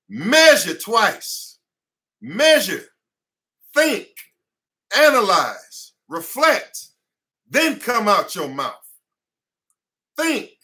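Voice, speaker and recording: A man delivers an impassioned class lecture from his office, his voice high and bright with a forceful edge. He preaches more than he explains, hammering his points home through repetition. He is sweating as he speaks. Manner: fiery, preacher-like, repeats phrases for emphasis. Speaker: attorney and teacher.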